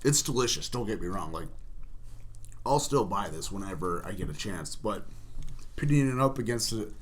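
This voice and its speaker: A young man from the American Midwest co-hosting a casual, joking chat, with bursts of loud excitement. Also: fairly low pitch, moderate pace, slight background noise. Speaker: co-host.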